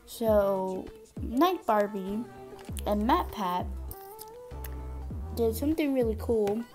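Woman doing a chatty game review vlog, something in her mouth from braces, mellow voice, soft music behind her. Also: a little high, expressive, slow pace. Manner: chatty, restarts and corrects herself often. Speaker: gaming video creator.

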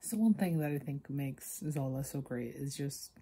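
A woman's voice: a bass voice, moderate pace, warm tone, breathy edge. A woman in a casual, rambling vlog chat about her writing day, with many fillers. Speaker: writer vlogging her progress.

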